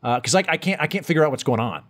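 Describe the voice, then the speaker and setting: A man's voice: a little high, animated, racing, fairly bright tone. An American man hosting a comedy podcast, telling rambling stories full of restarts and asides. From United States. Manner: rambling, self-interrupting storyteller. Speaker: podcast host. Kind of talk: casual comedic chat.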